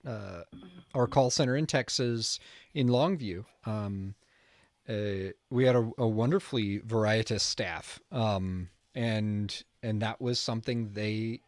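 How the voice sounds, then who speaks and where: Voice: medium pitch, slow pace, a little mellow, dry recording. Blunt, emphatic speaker, dry sound. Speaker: podcast panelist. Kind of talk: casual conversation.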